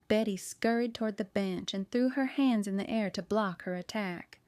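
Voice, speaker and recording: A woman's voice: mid-range voice, normal speed, hardly any pauses, a little mellow, smooth, no echo, clean studio sound. A woman narrating a mystery audiobook expressively, giving each character a voice. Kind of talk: scripted narration.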